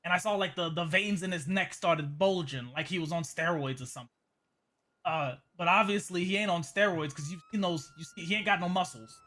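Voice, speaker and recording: Guy with a high bright voice, rambling roleplay story, keeps stumbling over words. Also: a little fast. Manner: rambling, repeats words, stammers. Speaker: roleplay character giving a statement. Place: game voice chat.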